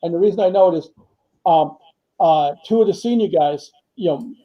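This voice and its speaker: Older man, retired firefighter, high-pitched, rambling anecdotes, muffled lo-fi audio. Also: normal speed. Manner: rambling anecdotes with many fillers and quoted dialogue. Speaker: retired firefighter and author, guest. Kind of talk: storytelling in a casual interview.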